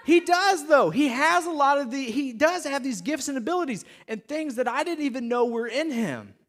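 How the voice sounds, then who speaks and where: A man with a notably high voice preaches in an animated, storytelling way. He speaks directly to his listeners as a pastor delivering a sermon. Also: normal speed. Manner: animated storytelling, talks straight to the audience.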